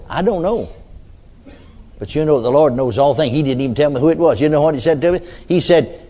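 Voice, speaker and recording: A man's voice: medium pitch, sing-song, brisk, mellow. An older man preaching a sermon in a folksy storytelling way, often adding amens and hallelujahs.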